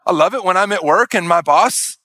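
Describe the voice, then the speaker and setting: A middle-aged man preaching a sermon as a pastor, animated and playful, acting out voices with big swings in pitch. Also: fairly quick, no room sound, clean studio sound.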